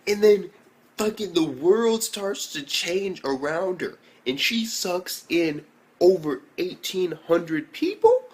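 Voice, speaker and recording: A young man reviewing an anime episode in a casual, excitable rant full of slang and swearing. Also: high-pitched, slow.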